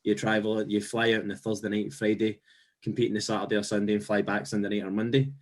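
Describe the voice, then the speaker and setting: A man with a fairly low voice, chatting on a casual podcast. He reminisces steadily and thoughtfully, often restarting his phrases mid-thought. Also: quick pace. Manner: steady, reflective, with frequent restarts. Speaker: podcast co-host.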